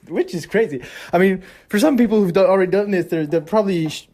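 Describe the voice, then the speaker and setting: A young man talking casually in a vlog, excitable and rambling, swearing freely as he shares his work plans. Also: sits high, fast, hardly any pauses, a little hiss or hum. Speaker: vlogger.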